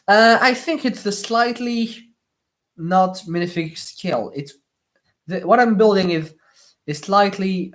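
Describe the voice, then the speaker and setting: A live streamer chatting casually while building with LEGO, answering viewer comments in slightly awkward non-native English, with lots of pauses and restarts. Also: medium pitch. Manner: hesitant, many fillers and restarts.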